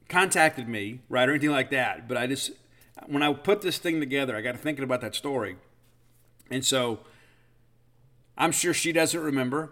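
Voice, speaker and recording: His mid-range voice has a fairly bright tone. The fifty-something podcast host delivers a loose storytelling monologue, wandering and poking fun at himself, with plenty of filler words.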